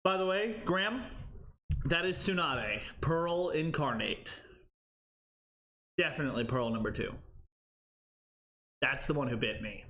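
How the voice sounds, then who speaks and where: Animated, playful streamer man. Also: on the high side, a little slow, long pauses. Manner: playful, animated, laughs often. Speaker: streamer cooking live. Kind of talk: casual live-stream chat with viewers. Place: home kitchen.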